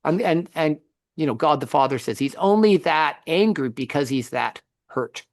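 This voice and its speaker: A middle-aged man co-hosting a faith podcast, telling a story in a lively conversational way with frequent restarts. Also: fairly high pitch, moderate pace, no echo, clean studio sound. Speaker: podcast co-host.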